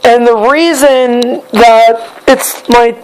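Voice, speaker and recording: A young woman, a bit hoarse, talking in a casual personal vlog, halting and repeating herself as she searches for words. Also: fairly high pitch, steady tone, slight background noise, poor audio. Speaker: vlogger.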